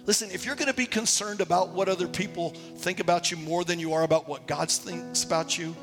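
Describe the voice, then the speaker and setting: A pastor preaching to his church, his man's voice sitting high with a gravelly edge. The sound carries a long hall reverb, with faint music underneath. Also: fairly even intonation, a little fast. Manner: preaching, storytelling with acted quotes. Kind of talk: sermon. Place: church sanctuary.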